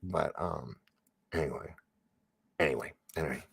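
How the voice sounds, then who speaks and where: A man's voice: very deep voice, moderate pace, creaky, fairly bright tone, husky. A man hosting a live online show, chatting casually, reading viewer comments, and rambling with frequent restarts and laughs. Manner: rambling, self-interrupting, laughs often. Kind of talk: casual live-stream chat.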